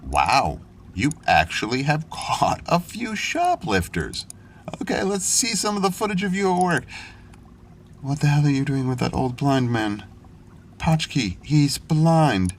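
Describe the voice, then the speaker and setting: Fussy, excitable man in an audio drama. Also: medium pitch, measured pace, slight background noise. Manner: excitable, fussy, talks to himself. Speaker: corporate assistant character.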